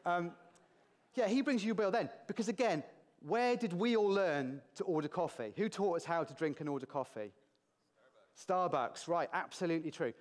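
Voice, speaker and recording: British male conference speaker, slightly high voice, playful, quizzes the room. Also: normal speed, long reverb tail. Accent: British English. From Britain. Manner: lively, jokey, asks the audience questions. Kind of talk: conference talk. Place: large conference hall with audience.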